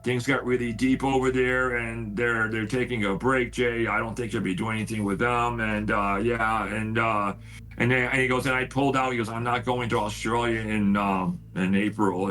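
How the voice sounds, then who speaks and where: Excitable man retelling a feud on a call. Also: mid-range voice, normal speed, faint music behind, rough recording. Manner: excitable, repeats "I said", swears when heated. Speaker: paranormal house owner telling a story. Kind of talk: casual storytelling on a video call.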